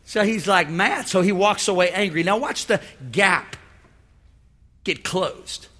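A man pastor preaching a lively, comedic sermon to his congregation, with call-and-response. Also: sits high, unhurried. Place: church hall with congregation.

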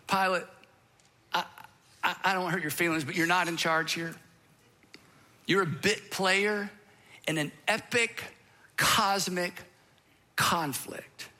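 A man preaching a sermon as a dramatic story, swinging from emphatic bursts to hushed whispers. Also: high-pitched, slow, long pauses.

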